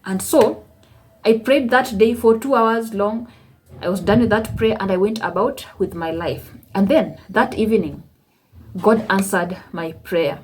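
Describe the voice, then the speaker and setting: A woman's voice: mid-range voice, measured pace, darkish tone, slight background noise. A woman with a Kenyan accent telling her faith testimony on her channel and acting out her conversations with God. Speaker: vlogger. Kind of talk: personal testimony storytelling.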